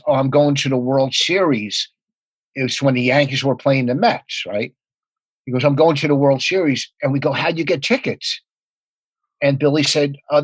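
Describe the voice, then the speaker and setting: Husky man telling profane comedy stories. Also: medium pitch, no echo, rough recording. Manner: rapid profane anecdotes with laughter. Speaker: comedian guest. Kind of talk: casual podcast storytelling.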